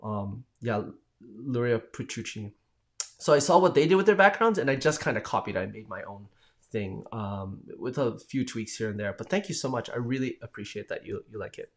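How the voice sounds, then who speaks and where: A man's voice: medium pitch, expressive, normal speed. Enthusiastic man chatting on a live stream. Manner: reads viewer comments aloud and answers them; enthusiastic, rambling. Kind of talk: casual live-stream chat.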